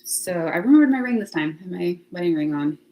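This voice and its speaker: A fast-talking woman with a fairly low, mellow, animated voice hosts a casual livestream from home beside the laundry closet. She chats with her viewers, thinks aloud and laughs frequently.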